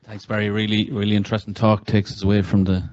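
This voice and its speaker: A man's voice: lowish voice, flat delivery, quick pace, darkish tone, muffled recording, slight background noise. A man hosting a talk event, thanking the speaker and calling for questions. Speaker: host.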